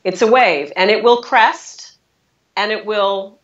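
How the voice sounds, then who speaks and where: A woman's voice: medium pitch, slow pace, roomy sound, dull audio. A woman guest who coaches leaders, speaking reflectively and affirming the host. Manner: reflective, affirming with short replies. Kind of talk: casual interview talk.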